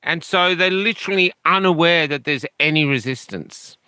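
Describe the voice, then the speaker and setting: Bright, smooth-voiced Australian man. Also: on the high side, moderate pace, no echo. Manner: rambling, with many fillers and restarts. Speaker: interview guest. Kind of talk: conversational storytelling.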